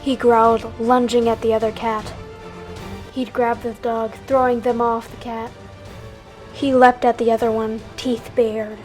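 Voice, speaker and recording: Woman, fairly high voice, dramatic story narration, animated, soft music underneath. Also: unhurried. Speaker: storyteller narrating a cat game battle. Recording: music faintly behind.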